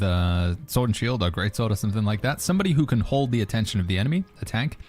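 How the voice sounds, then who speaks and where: Male streamer, lower register, easygoing gaming chat, faint music bed. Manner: relaxed, chatty, answers viewer questions while playing. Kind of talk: casual gaming commentary.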